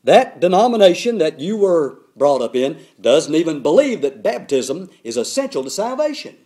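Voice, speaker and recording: A man imitating a gravelly, loud old male preacher who is pressing a point. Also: on the high side, big pitch swings, moderate pace. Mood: insistent. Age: older.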